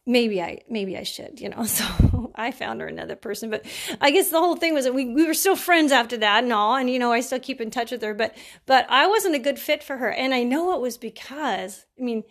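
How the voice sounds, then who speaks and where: A woman's voice: a little high, expressive, fairly quick, a bit bright. A middle-aged woman and caregiver giving casual advice, telling stories about clients with frequent laughs and acted-out quotes. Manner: chatty, laughs often, acts out quoted people.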